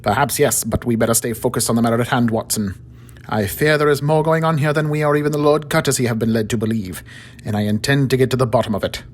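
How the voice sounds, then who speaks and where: A man doing a calm, clever Victorian detective. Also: medium pitch, lightly acted. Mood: cordial. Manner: cordial and measured.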